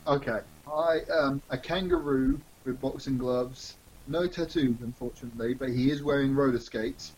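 A man bantering in an improvised comedy podcast, firing off deadpan quips. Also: medium pitch, normal speed, creaky, hardly any pauses, husky, poor audio. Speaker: co-host playing along in an improvised story.

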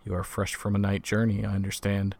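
A man reading the lines of a calm, brisk and kindly doctor who speaks in a practical way. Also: lowish voice, gravelly.

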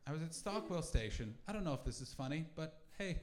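A man from Canada telling a crude, excitable story in a stand-up comedy set on a club stage, using a handheld mic. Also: fairly high pitch, quick pace. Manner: crude, excitable, loud bursts.

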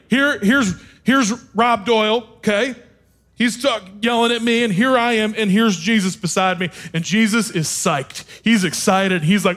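A man preaching from a stage, telling his own story in an animated, self-deprecating and humorous way. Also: sits high. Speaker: speaker. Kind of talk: sermon with personal storytelling.

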